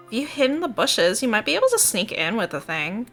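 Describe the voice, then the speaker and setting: A woman's voice: fairly high pitch, huge pitch swings, brisk, fairly bright tone, soft background music, exaggerated voice. A woman putting on a chirpy Valley Girl. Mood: breezy. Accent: American Valley Girl.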